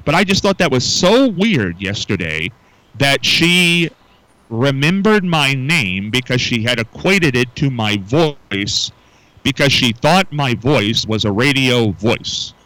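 A man's voice: mid-range voice, big pitch swings, slow pace, sharp tone, no room sound, poor audio. A middle-aged man hosting a casual morning radio talk show, musing aloud and often repeating words as he restarts.

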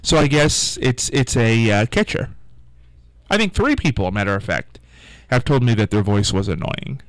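A man's voice: medium pitch, expressive, moderate pace, no echo, rough recording. A male radio host in casual on-air chat, rambling and searching for his words.

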